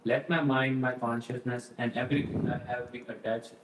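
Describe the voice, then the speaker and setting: A man in a class reading a translation aloud in a steady voice. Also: mid-range voice, normal speed. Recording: echoey room, faint noise.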